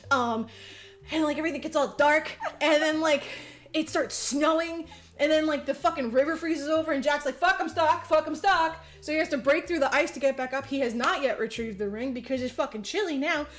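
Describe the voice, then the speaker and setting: A woman co-hosting a podcast, recapping a movie in casual, profane, rambling chat and acting out the characters in quick voices. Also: sits high. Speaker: podcast co-host.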